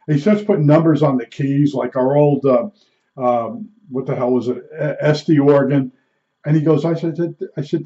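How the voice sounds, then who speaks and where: A man's voice: fairly high pitch, normal speed, warm tone, highs cut off. A man in his seventies talking through his stories in a rambling, self-correcting way. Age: 70s. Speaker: retiree telling stories. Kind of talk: rambling personal monologue.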